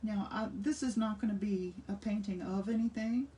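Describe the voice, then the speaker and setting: An art instructor in her sixties thinks aloud as she demonstrates a craft, chatting with enthusiasm. She speaks at a normal speed in a warm, mid-range voice, picked up by a distant mic slightly off to the side with faint room noise.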